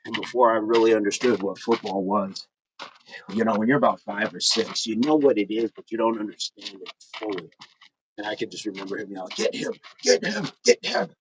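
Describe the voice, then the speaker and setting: A middle-aged man hosting a fitness livestream outdoors, reading viewer comments aloud and counting out his reps between casual remarks. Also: on the low side. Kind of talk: casual livestream chat while exercising. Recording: dull lo-fi sound with faint noise.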